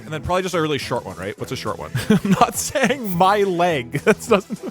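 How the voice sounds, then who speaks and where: Animated laughing male streamer. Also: high-pitched, fairly quick, loud music behind the voice. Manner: animated, laughs often, shouts bits in character. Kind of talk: casual live-stream chat.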